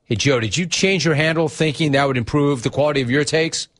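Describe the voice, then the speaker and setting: A man hosting a sports talk show, teasing and animated, reading out chat and laughing often. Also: fairly high pitch, fairly quick.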